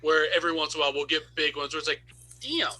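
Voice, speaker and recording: Bright-voiced rambling man chatting. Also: on the high side, little pitch movement, rapid-fire. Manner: chatty, rambling, stops to correct himself. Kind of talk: casual chat.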